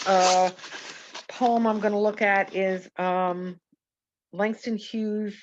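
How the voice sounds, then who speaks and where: A woman's voice: medium pitch, fairly even intonation, slow, highs cut off, background noise. A woman teaching an online poetry lesson, rambling and correcting herself with many fillers. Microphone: video call.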